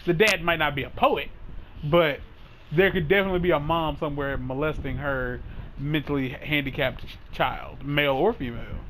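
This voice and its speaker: A man hosting a casual podcast chat, telling a long story in a rambling, animated way, full of "like" and restarts. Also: fairly high pitch, normal speed, a little hiss or hum, poor audio. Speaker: host.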